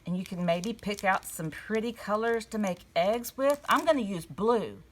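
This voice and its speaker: A woman giving a gentle storytelling lesson to young children at a table. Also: mid-range voice, animated, moderate pace, slight background noise. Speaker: children's church teacher. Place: indoors at a table.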